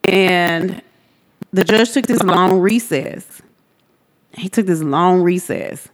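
A woman in her forties, a podcast guest, retelling her own story in a vivid, animated way. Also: slow pace. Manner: animated, vivid retelling that jumps high when quoting others. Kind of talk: personal storytelling in a podcast interview.

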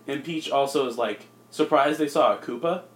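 A man co-hosting a casual comedy podcast, rambling through a movie pitch with lots of fillers. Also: normal speed. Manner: rambling, filler-heavy, jumps into silly voices. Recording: echoey room.

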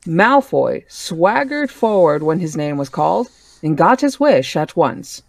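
A book club podcast host reads a novel aloud, plain and measured. The pitch sits in the middle range. The recording is dry and close, with no room echo. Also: sing-song, creaky. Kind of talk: reading aloud a novel, casual.

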